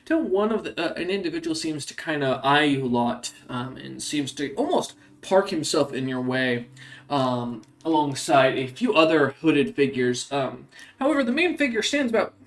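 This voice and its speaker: A male game master narrating a tabletop session in a halting way, full of ums and uhs. His voice sits somewhat high for a man. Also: big pitch swings.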